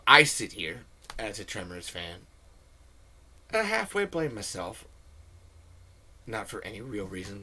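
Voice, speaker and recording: A man's voice: on the low side, bright, forceful tone, a little hiss or hum. A man rambling earnestly to camera in a casual, profane commentary. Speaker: video creator.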